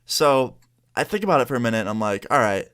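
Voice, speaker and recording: A young man from New York tells a story to his viewers in a casual, chatty way. He acts out what the other people in the story said. His pitch sits in the middle for a man. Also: big pitch swings, quick pace, a bit bright, clear, resonant tone. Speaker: YouTuber.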